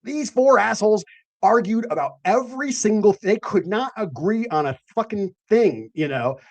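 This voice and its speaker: A man's voice: high-pitched, lively intonation, normal speed, dull audio. A man hosting a casual late-night chat, profane and rambling. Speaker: host.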